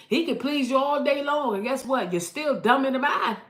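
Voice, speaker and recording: A woman's voice: sits high, moderate pace, few pauses. Fiery woman preacher in an echoey room. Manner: emphatic, repeats lines, rises loud when exhorting. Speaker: online prophetic preacher. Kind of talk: impassioned street-style preaching.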